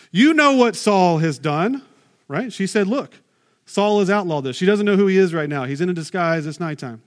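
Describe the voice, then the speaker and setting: A man's voice: high voice, fairly bright tone. A man preaching a sermon, reading scripture and breaking off into chatty asides and rhetorical questions.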